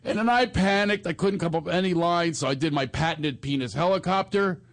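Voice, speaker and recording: A man's voice: a little high, brisk. A man telling a funny story in casual chat, laughing often and acting out the other people's lines. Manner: animated, laughing storyteller who acts out the parts.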